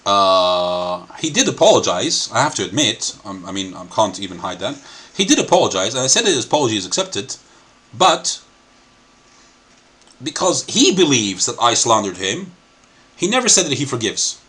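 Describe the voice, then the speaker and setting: A man's voice: on the low side, sing-song, normal speed, pushed and bright. A man hosting a video reaction commentary, laughing often while he talks and mixing American and British accents. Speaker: channel host.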